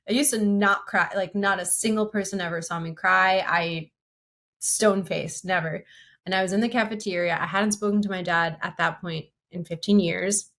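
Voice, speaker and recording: A woman's voice: medium pitch, a bit bright. Candid woman telling a personal story. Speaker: podcast co-host. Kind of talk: casual podcast chat.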